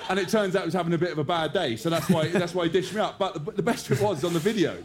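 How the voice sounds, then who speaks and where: A man's voice: sits high, rapid-fire, hardly any pauses, noisy background. A man telling a rugby-training story in casual podcast banter, laughing as he acts out the quotes. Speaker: podcast co-host.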